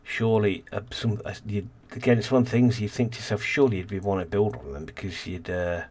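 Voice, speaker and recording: A man's voice: lowish voice, fairly even intonation, quick pace, a little mellow, slightly rough. A man casually commentating a city-building game as host, rambling and thinking aloud, tired and yawning. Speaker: let's play host.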